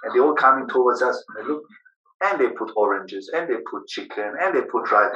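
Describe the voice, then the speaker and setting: Guy telling his story, emotional, broken english, bright voice, echoey room, sounds a bit far from the mic. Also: medium pitch, expressive, fairly quick, highs cut off. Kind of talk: personal storytelling.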